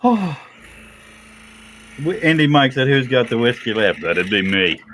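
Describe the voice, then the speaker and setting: A man's voice: mid-range voice, very animated, measured pace, background noise. A man co-hosting a live stream, reading out chat comments and breaking into laughter. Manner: giggly, loses it laughing.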